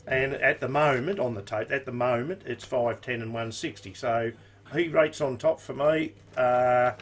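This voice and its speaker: A man's voice: mid-range voice, normal speed. Australian man rattling off racing tips. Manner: easygoing, rattles off odds with mates' slang. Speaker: racing tipster. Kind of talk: casual tips chat on a live stream.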